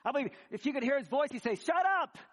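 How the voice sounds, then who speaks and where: A male pastor preaching a sermon in an animated style, swinging between loud emphasis and quiet conversational asides with some humor. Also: very high-pitched, very fast. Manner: conversational, with frequent restarts and humor. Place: church sanctuary.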